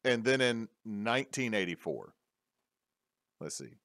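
A man hosting a casual podcast, rambling with many fillers and pauses. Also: fairly low pitch, sing-song, fairly bright tone, no echo, clean studio sound. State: hiccups. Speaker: podcast host.

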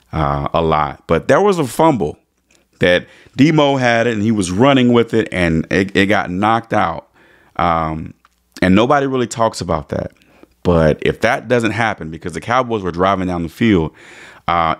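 A man vlogging as a sports fan, talking emotionally with stammering restarts and dramatic retelling. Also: low-pitched.

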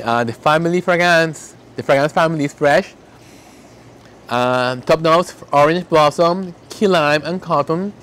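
A man making candles, talking in an emotional, heartfelt way and slowly reading out fragrance notes. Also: a little high. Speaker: candle maker. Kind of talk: casual vlog talk.

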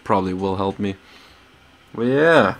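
A man with a Belgian accent giving casual gameplay commentary, his voice a little sore from a cold, swearing freely and breaking into excited outbursts. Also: sits low, unhurried. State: has a cold, slightly sore voice. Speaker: gaming channel host.

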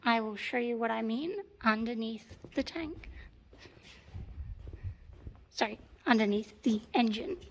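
A slightly hoarse woman with an Australian accent gives a patient, step-by-step workshop tutorial, repeating key points while filming on a handheld phone in a workshop. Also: fairly high pitch, a little slow, pauses often, slight background noise. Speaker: tank restoration mechanic. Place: workshop beside a tank engine.

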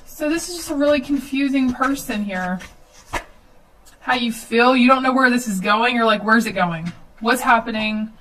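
A woman's voice: high voice, moderate pace, fairly bright tone, far from the mic, slight background noise, rough recording. A woman giving a casual tarot reading at home, chatty, with filler ums and nervous laughs. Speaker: tarot reader.

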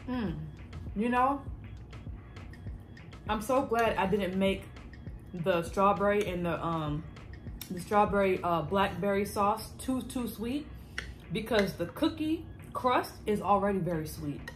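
A woman vlogging as she tastes her own cooking, animated and quick to laugh, with casual swearing and a Black way of talking. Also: mid-range voice, faint music behind. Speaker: food vlogger. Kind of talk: casual cooking vlog chat.

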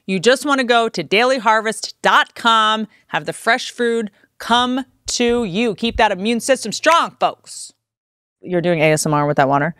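A woman's voice: on the high side, expressive, moderate pace, hardly any pauses, a bit bright, smooth, dry recording, studio quality. A woman in her thirties hosting a podcast, chatting casually with blunt, crude jokes. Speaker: podcast host. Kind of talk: casual chat and read ad.

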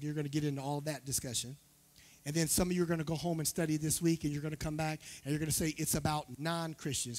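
A man preaching as pastor to his church, loud at times, calling on members of the congregation by name. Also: fairly high pitch. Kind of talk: sermon.

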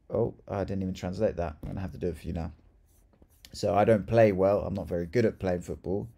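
Gravelly low-voiced man teaching Spanish. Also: steady tone, quick pace, warm tone. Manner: chatty, upbeat, explaining. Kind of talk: casual video lesson.

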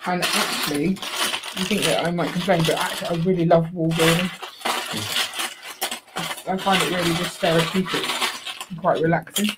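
A woman's voice: on the low side, steady tone, normal speed. A woman in her thirties, co-hosting a live building stream in a casual, teasing, slightly tired chat. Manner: chatty, teasing, a bit tired and yawning. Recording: loud clicking and clattering noise.

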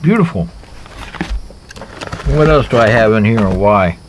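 A man's voice: fairly low pitch, animated, a little fast, a little hiss or hum, rough recording. A man casually reviewing knives in a rambling, joking way, talking to himself as he handles them outdoors. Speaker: knife reviewer. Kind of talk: casual knife review vlog. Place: outdoors in a backyard.

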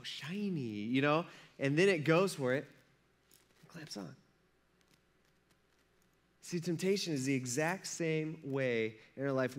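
Male pastor, conversational sermon delivery, playful and animated, higher-pitched voice. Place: church service.

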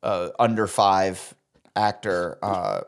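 Halting man in casual chat. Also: low-pitched, gravelly. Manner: halting, many "uh" fillers. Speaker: podcast co-host.

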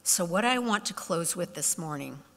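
A woman's voice: on the low side, normal speed. A middle-aged woman giving a storytelling keynote speech, acting out the voices of people in her stories. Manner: animated, acts out quoted voices. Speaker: keynote speaker. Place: conference hall. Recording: long hall reverb.

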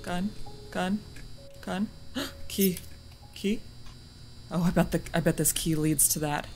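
A young woman playing a horror game, talking to herself and shrieking when startled, then hushing to a mutter while hiding. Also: on the low side, unhurried, faint music behind. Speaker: gaming streamer. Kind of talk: horror game playthrough commentary.

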